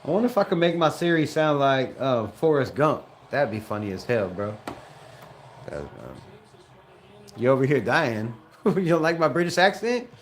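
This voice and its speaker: A man streaming a live watch party, calling the game play by play in a loose, casual way. He jumps to loud shouts on big plays and chats, swears and laughs between them. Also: medium pitch, very animated, normal speed, a little hiss or hum.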